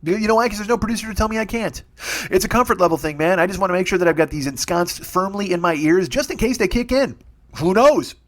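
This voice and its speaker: Fast-talking, profane man ranting solo. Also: high voice, expressive, fairly bright tone. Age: 40s. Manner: profane, rambling rant. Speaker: podcast host. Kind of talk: solo comedy monologue. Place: home studio. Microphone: studio mic with earbuds.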